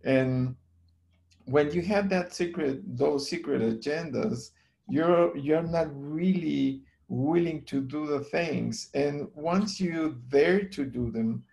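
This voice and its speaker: A man telling a story on a casual call, earnest and halting, often repeating his words as he goes. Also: mid-range voice, gravelly, darkish tone.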